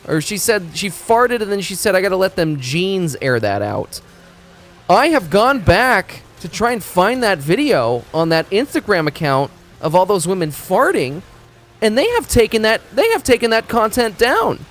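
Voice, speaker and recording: Sitting high in pitch with big swings, this man's fairly bright voice moves at normal speed. He's a game streamer rambling and cursing through casual live-stream chat, often fumbling words and restarting.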